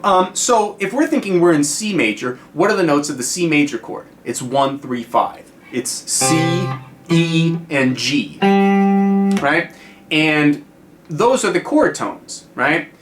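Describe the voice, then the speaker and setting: An American man with a fairly high, expressive voice speaks slowly as he gives a casual guitar lesson on video. He's chatty and full of fillers, often checking in with "right?"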